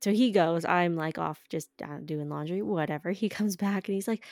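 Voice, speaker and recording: A woman's voice: lowish voice, moderate pace, darkish tone, no echo, studio quality. A woman co-hosting a podcast, telling a story in casual chat, laughing often and swearing freely. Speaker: podcast co-host.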